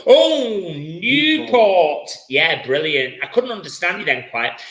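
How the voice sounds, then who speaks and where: A man's voice: on the high side, animated, normal speed, sharp tone, roomy sound, low-quality recording. A man hosting a live-streamed spirit reading as a psychic medium, chatty and effusive, often repeating his words.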